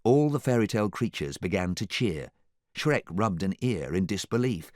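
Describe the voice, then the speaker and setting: A man narrating a children's audiobook with an animated, expressive reading. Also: on the low side, moderate pace, no echo, clean studio sound.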